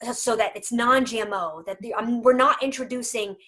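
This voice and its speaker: A woman's voice: fairly high pitch, normal speed, fairly bright tone. A woman speaking for a dog food company in a casual video chat, emphatic, humorous and persuasive.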